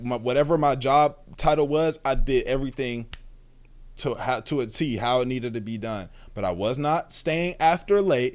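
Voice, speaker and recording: A young man streaming and reacting to a video, talking casually with lots of slang, swearing and restarts. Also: mid-range voice. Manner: rambling, slangy, swears freely, restarts often. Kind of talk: casual chat.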